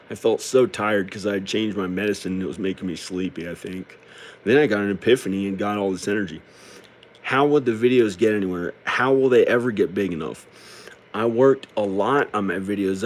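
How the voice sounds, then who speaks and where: A middle-aged man speaking in a downcast, halting, rambling way, tearful as he talks through a personal confessional monologue. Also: lowish voice. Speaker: video creator.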